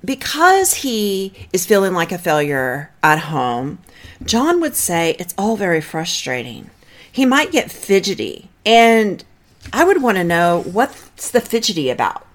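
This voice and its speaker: Lively, direct woman therapist giving advice. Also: medium pitch, unhurried. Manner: direct, coaching, guides breathing counts. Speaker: marriage therapist and podcast host. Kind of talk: podcast advice talk.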